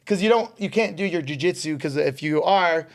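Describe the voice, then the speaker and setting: A man co-hosting a podcast, an excitable storyteller who laughs often and swears casually. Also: a little high, a little fast. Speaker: podcast co-host.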